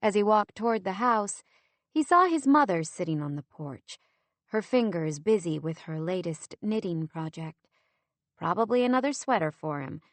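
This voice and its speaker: Brief: woman audiobook narrator, measured, dry studio sound. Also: lowish voice, no echo. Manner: steady, measured storytelling. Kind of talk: scripted narration.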